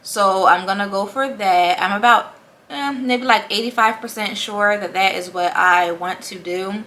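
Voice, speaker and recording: A woman's voice: medium pitch, fairly even intonation, normal speed, sharp tone. A young woman chatting casually in a vlog, short of breath and laughing often between thoughts. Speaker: vlogger. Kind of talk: casual pregnancy update vlog.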